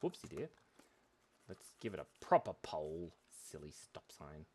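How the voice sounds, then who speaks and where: A man's voice: a bass voice, big pitch swings, measured pace, darkish tone. A young man hosting a kids' drawing livestream, chatting in a silly, giggly way and talking to his viewers as he draws. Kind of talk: playful live drawing chat.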